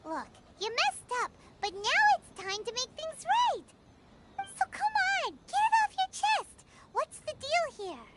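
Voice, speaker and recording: A woman voicing a tiny, chirpy and impatient fairy companion in a video game, squeaky and teasing. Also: huge pitch swings, unhurried, noisy background, full character voice. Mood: pushy. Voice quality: high squeaky voice. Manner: teasing and pushy. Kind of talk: game voice acting. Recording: game audio with clear background music.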